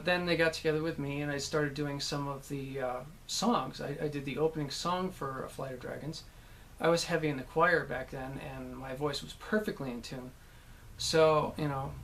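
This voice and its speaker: A man, a voice actor, casually recalling his work, rambling with many pauses and restarts. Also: a little high, a bit bright, slight background noise. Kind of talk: casual anecdotal talk.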